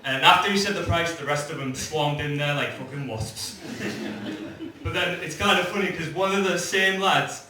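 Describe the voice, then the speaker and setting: Brash young comic in an echoey club. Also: male voice, fairly high pitch, normal speed, sharp tone. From England. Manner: brash, swearing storyteller acting out quoted lines. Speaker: stand-up comedian. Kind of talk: stand-up comedy set. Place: comedy club stage before a live audience. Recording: very echoey live room from a distance.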